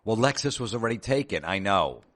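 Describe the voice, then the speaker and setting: A man's voice: on the low side, big pitch swings, fairly quick, fairly bright tone. A man hosting a comedy show, ranting in a sarcastic, profane and exasperated way. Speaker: comedian host. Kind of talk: comedic rant.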